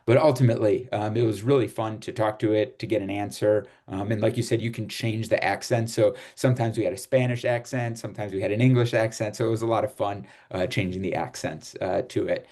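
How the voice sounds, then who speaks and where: Chill guy from chicago hosting a video call, lowish voice, lots of ums and chuckles. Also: a little fast, hardly any pauses. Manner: relaxed, rambling with fillers and laughs. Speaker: host. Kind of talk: casual group chat.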